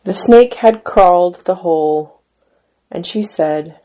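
A woman giving a deliberate poetry reading, letting some line endings fall to a near whisper. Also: fairly low pitch, mellow, low-quality recording. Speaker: poet.

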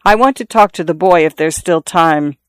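A reader plays a dying father in his forties, pained and breathless. He presses his point over and over, insistent and confiding. The voice stays smooth and dry, close to the mic. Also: medium pitch, moderate pace, a bit bright, no room sound, lightly acted. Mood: earnest. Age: 40s. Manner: earnest, insistent, repeats himself. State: in pain, out of breath. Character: dying middle-aged father, urgent and confiding.

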